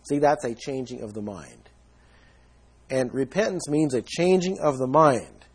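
Husky-voiced man preaching a sermon. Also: medium pitch, measured pace. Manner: earnest teaching tone, emphatic stresses.

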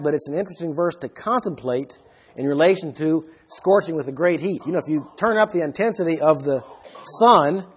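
A man's voice: on the high side, slightly rough. A man teaching a Bible study lecture in an explanatory way, asking the listeners rhetorical questions.

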